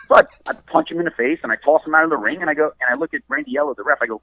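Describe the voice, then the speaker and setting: A man spins rough, profane wrestling stories in casual podcast talk. His voice swings widely up and down as he acts out each exchange. The sound is close and dry. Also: a little high, very fast, few pauses, no echo, poor audio. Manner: profane, animated storyteller acting out quotes. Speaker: wrestler and trainer, podcast guest.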